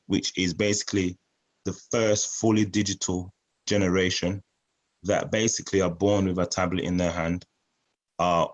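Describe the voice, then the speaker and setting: An earnest man talks through a community presentation, his voice sitting a little low. He often stumbles and repeats a word or two as he works out what to say next, then carries on. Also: rough recording. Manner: earnest, repeats words while searching for phrasing. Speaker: youth project presenter.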